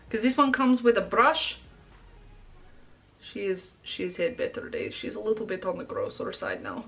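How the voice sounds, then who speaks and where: Bubbly high-voiced young woman vlogger. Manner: bubbly, excitable, playfully self-praising. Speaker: makeup vlogger. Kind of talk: makeup tutorial chat.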